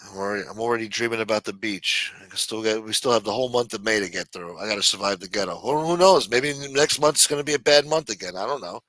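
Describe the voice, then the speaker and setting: Ny dude rambling crude stories on his stream, punchy bright voice, dead dry sound. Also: on the low side, quick pace, few pauses, no echo. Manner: profane, rambling storyteller. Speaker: livestream host. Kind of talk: casual livestream storytelling.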